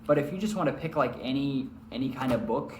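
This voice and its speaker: A man's voice: mid-range voice, expressive, fast, a little mellow, a little hiss or hum. A male teacher giving a recorded reading lesson, explaining and demonstrating how to read aloud. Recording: echoey room.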